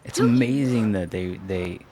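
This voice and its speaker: A man's voice: on the low side, normal speed, background noise. A man giving casual, rambling commentary over a game he is streaming, chatting and joking along with it. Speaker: let's play streamer. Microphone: desk microphone.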